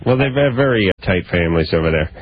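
A man's voice: deep voice, lively intonation, fast, breathy edge. A man hosting a call-in radio show, blunt, teasing and crude with his callers. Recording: lo-fi radio broadcast.

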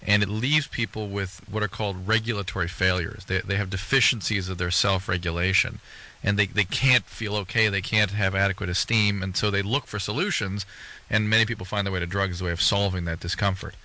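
Male radio co-host, deep and bright, calm explainer. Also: brisk. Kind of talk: radio call-in advice talk.

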